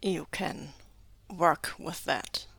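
Woman putting on a calm quiet guy, lower and slow, few words. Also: gravelly, husky, no room sound, exaggerated voice. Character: calm reserved man, serene and terse.

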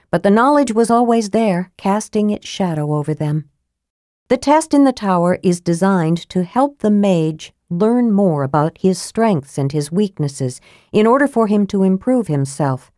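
A woman narrating a fantasy audiobook in a measured, grave storytelling manner, close to a studio microphone. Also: medium pitch, animated, dark tone, dry recording.

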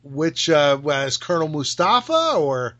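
A man with a fairly high voice, chatting casually as a podcast co-host. He tells stories with energy, slips into remembered dialogue and laughs as he goes. The audio sounds a little muffled. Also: a little slow. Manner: animated storyteller, acts out remembered dialogue, laughs often. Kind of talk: casual chat about pro wrestling history.

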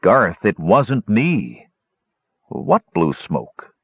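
A man voicing a gruff male hill dwarf who speaks in an earnest, coaxing, hushed way. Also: on the low side, very animated, slow pace, heavily acted. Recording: dull lo-fi audio.

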